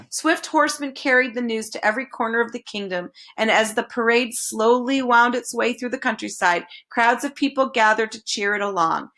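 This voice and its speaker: A woman reading a children's novel aloud, expressive and slowing down on dramatic phrases. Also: fairly high pitch. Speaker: storybook reader.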